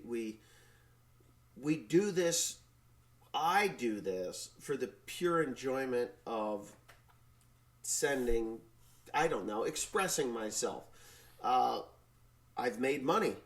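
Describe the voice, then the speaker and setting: A man with a mid-pitched voice gives his opinions on a casual vlog. He rambles, restarts his sentences and swears freely. His pitch swings widely as he rants. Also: animated, slow, long pauses. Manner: blunt, ranting, swearing. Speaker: farmer and YouTuber.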